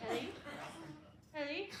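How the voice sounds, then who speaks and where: A young woman in a school stage play, playing a flamboyant, gushing actress who speaks in a theatrical way. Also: sits high. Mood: flustered. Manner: theatrical, gushing, drawn-out vowels. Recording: echoey auditorium, faint hiss.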